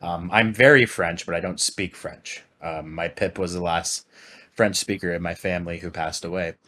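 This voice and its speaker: A man's voice: low-pitched, steady tone, normal speed, sharp tone. A Canadian man co-hosting a podcast, chatting casually with lots of fillers and restarts. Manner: rambling, many fillers and restarts. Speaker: podcast co-host. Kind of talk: casual chat.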